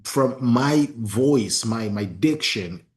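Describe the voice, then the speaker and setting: A man whose first language is not English, hosting a podcast interview in a passionate, expressive way with many restarts. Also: medium pitch, slow. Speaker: podcast host. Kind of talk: casual interview conversation.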